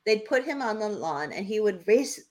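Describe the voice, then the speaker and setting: A woman's voice: medium pitch, moderate pace. Chatty woman podcast co-host. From New Hampshire. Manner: lively storyteller who laughs often. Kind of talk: casual chat.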